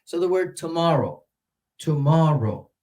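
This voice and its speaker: An older American man teaching English pronunciation, drawing out example words and swinging between loud and soft. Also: fairly high pitch, expressive, moderate pace.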